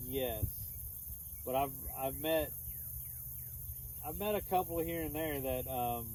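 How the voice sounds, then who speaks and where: A man's voice: a little high, slow, pauses often, a little mellow, a little hiss or hum, poor audio. A man with a Texan accent, chatting casually with his stream viewers in a rambling, easygoing way, with many restarts. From Texas. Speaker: streamer answering chat. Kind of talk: casual chat. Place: outdoors in the countryside. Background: crickets and insects chirping faintly.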